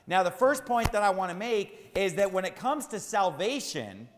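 A man's voice: high voice, sing-song, moderate pace, few pauses, long reverb tail. A man preaching a sermon as pastor, emphatic and repeating key phrases for stress.

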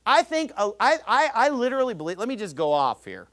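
A man's voice: very high voice, big pitch swings, fairly quick, fairly bright tone. A man preaching a sermon in a heated, combative, ranting manner. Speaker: pastor.

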